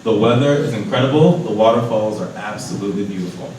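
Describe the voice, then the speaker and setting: A young man reading his diary entries aloud to a live audience, lively, putting on voices for the people he quotes. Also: fairly low pitch, quick pace, a little hiss or hum. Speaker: storyteller at a live event. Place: large echoey hall. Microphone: distant from the microphone. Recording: echoey hall from far off.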